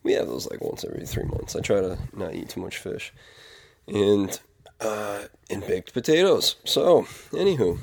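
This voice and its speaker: A man's voice: lowish voice, very animated, normal speed, vocal fry, a little mellow. A man talking in a casual confessional monologue, rambling and earnest, with many fillers and restarts. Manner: earnest, reflective. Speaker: vlogger.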